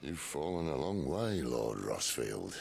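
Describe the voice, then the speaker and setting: An actor playing a wry middle-aged outlaw leader in a video game, easygoing and dry. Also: male voice, extremely low pitch, sing-song, a little slow, vocal fry, a little mellow, slight background noise, heavily acted. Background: game music.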